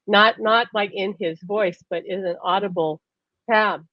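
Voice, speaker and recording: A woman's voice: mid-range voice, moderate pace, no room sound. Chatty woman host on muffled stream audio. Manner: animated storyteller, laughs often. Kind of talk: casual chat.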